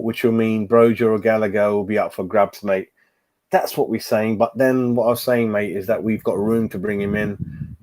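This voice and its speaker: A football fan in his 40s hosts a casual live stream in a low-ish, slightly mellow voice. Chatting away, he reads viewers' comments aloud and calls everyone mate.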